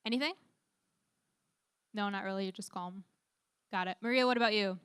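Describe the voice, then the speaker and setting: A woman's voice: mid-range voice, normal speed, fairly bright tone, clear, resonant tone, no room sound, studio quality. A young woman leading a youth group Bible talk, upbeat, often putting questions to the teens. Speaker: youth leader.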